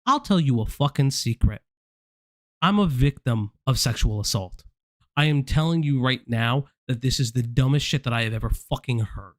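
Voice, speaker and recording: A man's voice: mid-range voice, expressive, normal speed, no echo, studio quality. A man hosting a commentary stream, lecturing in a heated, profane way. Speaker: stream host.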